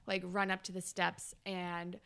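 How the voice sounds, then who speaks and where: A woman's voice: on the low side, little pitch movement, a little slow, gravelly, fairly bright tone, clear, resonant tone. A woman co-hosting a podcast, chatting casually as she retells a TV episode in detail with lots of fillers. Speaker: podcast co-host. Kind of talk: casual chat recapping a TV episode.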